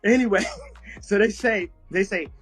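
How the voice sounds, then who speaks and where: A man's voice: sits high, a little slow, a bit bright, slightly rough, faint music behind. A man telling a story in a casual live chat, often breaking into laughter as he talks. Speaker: guest speaker on an audio chat room.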